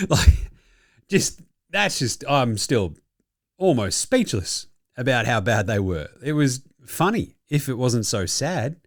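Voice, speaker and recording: A man's voice: medium pitch, big pitch swings, slow pace, no echo, clean studio sound. A young adult man with an Australian accent hosting a casual basketball commentary show, mocking and swearing freely with frequent chuckles. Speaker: basketball podcast host.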